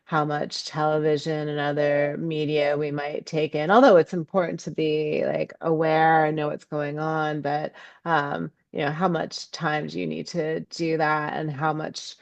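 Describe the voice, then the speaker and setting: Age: unknown. Sex: woman. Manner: thoughtful and halting, often pausing with ums. Role: podcast interview guest. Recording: dull, lo-fi and dry, low and slow. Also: vocal fry, no room sound. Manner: thoughtful, halting with many ums, lively when voicing her own inner thoughts. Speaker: guest, ecopsychology scholar and author. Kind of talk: reflective podcast interview talk.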